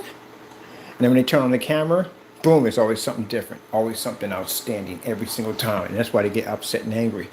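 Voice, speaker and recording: A man presenting and selling his product in an excited vlog, talking straight to his viewers in a preachy, animated way, indoors beside a projector. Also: mid-range voice, fast talker, a little hiss or hum, rough recording. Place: indoor room with projector and screen.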